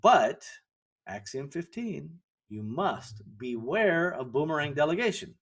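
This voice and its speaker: A man's voice: a little high, sing-song, a little slow, husky. A middle-aged man hosting a podcast and giving a solo business lesson in a conversational way, often checking in with the listener. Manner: conversational, keeps asking "right?" to the listener; self-correcting, with fillers and restarts. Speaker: podcast host.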